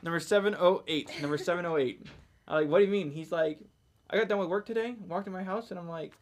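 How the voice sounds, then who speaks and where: A man's voice: high voice, fast. A man hosting a live sale, calling out lot numbers as he chats casually about family life. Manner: calls lot numbers between chatty family stories. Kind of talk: casual chat between lot calls.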